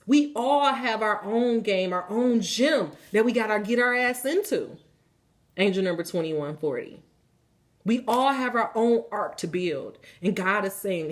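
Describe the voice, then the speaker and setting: A woman hosting a spiritual card-reading vlog, excitable and profane, laughing often, who turns slow and solemn when she reads cards aloud while seated indoors. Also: mid-range voice. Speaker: card reader and channel host.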